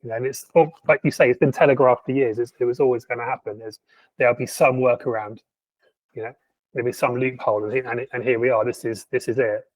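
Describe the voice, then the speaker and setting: A man co-hosting a podcast in casual chat, animated and sardonic, stumbling through frequent restarts. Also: mid-range voice, fast talker, no echo, rough recording. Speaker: podcast co-host.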